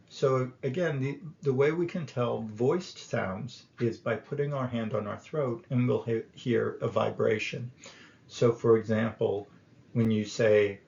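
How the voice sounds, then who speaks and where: A man teaching English grammar, explaining each point slowly and deliberately, with frequent pauses and fillers. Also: medium pitch, steady tone, gravelly, darkish tone, reverberant. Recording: dull lo-fi recording.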